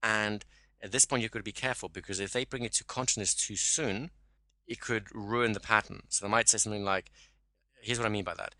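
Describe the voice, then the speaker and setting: Man teaching hypnosis, bright tone. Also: lowish voice, steady tone, a little fast, no echo. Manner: explanatory, acts out sample dialogue. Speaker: hypnosis trainer. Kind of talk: teaching a class.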